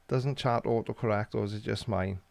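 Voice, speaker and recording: A man's voice: lowish voice, creaky, darkish tone, no room sound. A Welsh man hosting a live stream, reading out chat comments with dry, teasing humor. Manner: jokey, dry teasing banter.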